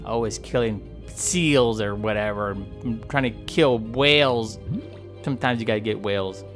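A man's voice: lowish voice, unhurried, faint music behind, natural voice. A man doing a rambling, jokey bowhead whale. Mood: chatty. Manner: rambling, joking, trash-talking. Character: chatty, friendly male bowhead whale. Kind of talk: playful game commentary role-play.

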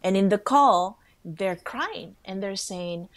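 A woman co-hosting a faith talk show, telling a story with lively quoted voices. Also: medium pitch, a little slow, hardly any pauses, no room sound. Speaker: co-host.

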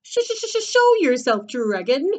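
A woman's voice: sits high, very animated, slow, darkish tone, pitched above the performer's own voice, full character voice. A woman voicing a thin, skinny, timid young male knight who stammers nervously.

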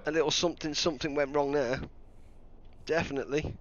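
A man's voice: fairly high pitch, fairly even intonation, brisk, highs cut off. A man doing live commentary on a game he is playing, thinking aloud and joking at his own mistakes. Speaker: game streamer.

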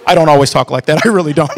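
A man teaching a church marriage class, preaching in an animated, colloquial way that bursts into shouts. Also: a little high, gravelly.

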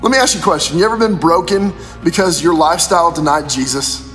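A man's voice: fairly high pitch, fast, a bit bright, long reverb tail, faint music behind. A man preaching a casual devotional as pastor, retelling scripture in slangy everyday speech.

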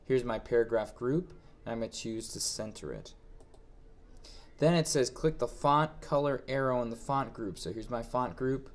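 Guy doing a screen-recorded software tutorial, reads a step then talks thru where to click, plain mid voice. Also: mid-range voice, moderate pace. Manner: plain, reads each step then walks through it, thinks aloud. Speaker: instructor.

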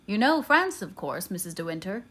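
A woman reading the lines of a gentle older English colonel who speaks quietly and gravely, like a doctor. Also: medium pitch, big pitch swings, moderate pace.

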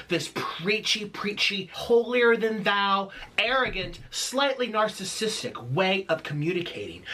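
A man's voice: sits high, bright, forceful tone. A man delivering an angry, sarcastic rant in a response video, mocking the person he addresses. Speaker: YouTuber posting a response video. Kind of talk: angry ranting monologue.

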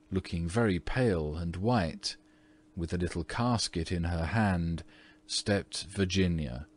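Deep-voiced man narrating a classic story. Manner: measured storytelling. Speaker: audiobook narrator. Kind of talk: scripted narration.

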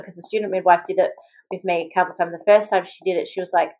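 This lowish, steady-toned voice belongs to a young Australian woman and mother chatting on a podcast. She tells her story quickly and casually, leaning on "like" and acted-out quotes, and the audio is poor.

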